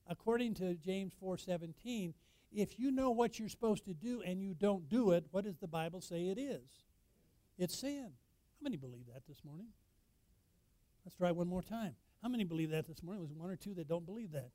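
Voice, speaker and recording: High-voiced pastor preaching a sermon. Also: male voice, expressive, fairly quick, no echo. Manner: preacherly, rising to loud emphatic peaks and dropping low; asks the congregation questions.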